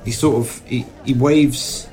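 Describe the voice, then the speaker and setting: A man's voice: medium pitch, fairly even intonation, measured pace, crowd noise. A man playing a tabletop game, describing what his character does with many restarts and repeated words. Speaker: player.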